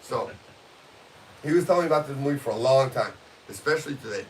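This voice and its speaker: A man hosting a casual podcast, loud and showy, teasing his co-host in banter. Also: medium pitch, animated, quick pace. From California. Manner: boisterous showman, teasing banter. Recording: distant mic with hiss.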